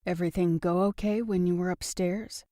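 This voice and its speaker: A woman's voice: on the low side, normal speed, no room sound, clean studio sound, natural voice. A woman voicing a patient but frank young man in an audiobook. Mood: calm. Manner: calm but blunt. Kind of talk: audiobook dialogue reading.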